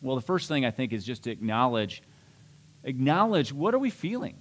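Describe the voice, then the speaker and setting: A man's voice: mid-range voice, sing-song, moderate pace. A middle-aged man preaching a sermon as a pastor, conversational and self-deprecating, with restarts and asides.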